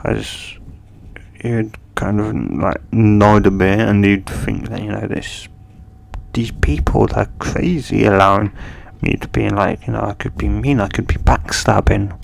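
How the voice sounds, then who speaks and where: Slow gravelly man rambling through a story. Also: lowish voice, fairly even intonation. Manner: rambling, hesitant, full of fillers and restarts. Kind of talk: improvised fan-fiction narration.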